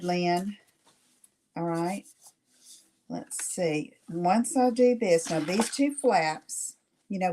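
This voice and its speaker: A woman's voice: lowish voice, warm tone, a little hiss or hum. A middle-aged woman hosting a live craft demonstration, chatting with viewers and checking in with "okay?" after each step. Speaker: craft tutorial host.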